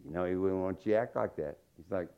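A man's voice: low-pitched, quick pace, clean tone. A man preaching a sermon in a folksy, joking storytelling manner. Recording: dull lo-fi sermon recording.

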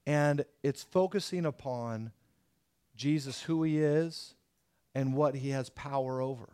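A middle-aged man preaching a sermon as pastor, telling stories in an animated way. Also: mid-range voice, measured pace, smooth. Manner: animated storytelling with acted quotes.

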